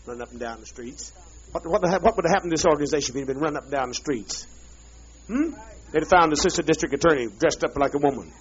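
A man's voice: on the high side, lively intonation, quick pace, breathy edge. Brief: man ranting at a group, bitter and profane, drawling, muffled old tape. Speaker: leader addressing a group. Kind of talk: angry profane rant. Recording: dull lo-fi archive tape.

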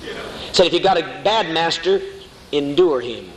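A man's voice: fairly high pitch, expressive, a little slow. A male preacher delivering a fiery, mocking sermon to a congregation, calling listeners honey. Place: church hall before a congregation. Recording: echoey hall with faint noise.

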